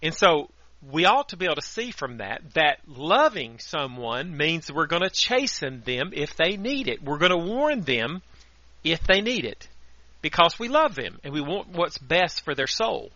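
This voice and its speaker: Earnest radio preacher, bright lo-fi voice. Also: male voice, on the high side, unhurried, no room sound. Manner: earnest, steady preaching with scripture readings. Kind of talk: radio sermon. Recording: dry, dull lo-fi radio audio.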